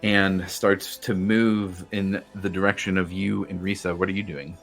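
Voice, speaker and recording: A man's voice: low voice, flat delivery, a little slow, vocal fry, soft background music. A man narrating a tabletop game as game master, describing scenes loosely with fillers.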